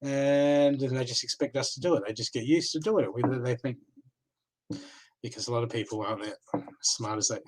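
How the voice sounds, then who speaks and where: A man's voice: medium pitch, a little fast, poor audio. An Australian man giving live card readings, talking casually and reassuringly, often checking in with "okay?". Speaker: card reader.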